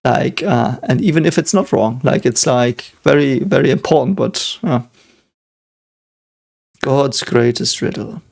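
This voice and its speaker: A man's voice: mid-range voice, expressive, a little slow, gravelly, a little mellow. A man, a physicist, giving casual reaction commentary and analysing things reflectively as he thinks aloud. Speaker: physicist reacting to an anime episode.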